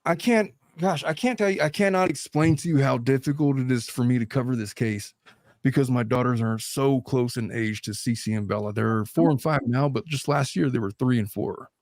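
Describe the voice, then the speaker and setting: A man in his thirties hosting a casual podcast discussion, animated, swearing freely and laughing between points. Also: mid-range voice, normal speed, dry recording, studio quality. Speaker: host.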